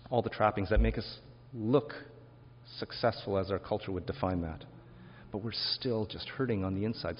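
A male pastor preaches a reflective sermon, easing into rhetorical questions in a somewhat low voice. The recording is dull and lo-fi. A long reverb rings through the church hall.

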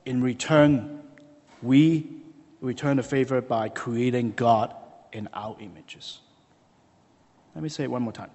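A man preaching a sermon, telling the story with lively, animated delivery and acting out quoted voices. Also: medium pitch, big-room sound. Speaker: pastor.

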